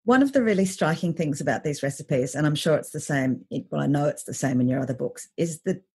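A woman's voice: low voice, expressive, brisk, warm tone, breathy edge. A woman hosting an interview, asking thoughtful questions that build up through lists of examples. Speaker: podcast host.

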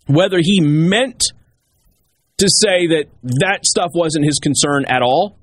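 Husky-voiced man giving emphatic commentary. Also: a little high, no echo. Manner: emphatic, repeats key points. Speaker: talk show host. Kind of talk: political commentary.

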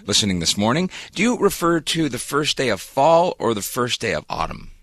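A man's voice: medium pitch, sing-song, brisk, a bit bright. A man hosting a morning radio show, chatty and jokey, talking into a studio mic. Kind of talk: casual morning radio banter.

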